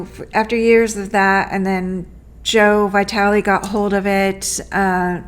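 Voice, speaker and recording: A woman spiritual medium speaking in an unscripted talk, gentle and repetitive, with soft fillers. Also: medium pitch.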